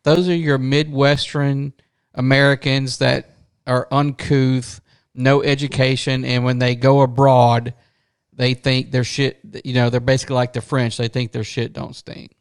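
A Southern-accented man co-hosting a podcast, talking bluntly and profanely in casual banter. His voice has a gravelly rasp. He teases the others with brash, crude jokes. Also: medium pitch, little pitch movement, a little slow, no echo, clean studio sound. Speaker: podcast co-host. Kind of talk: casual chat.

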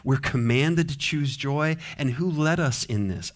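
A man preaching a sermon as pastor in a church, dropping to soft low asides and rising to loud, drawn-out exhortation. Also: animated. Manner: emphatic, drawn-out stressed words. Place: church sanctuary.

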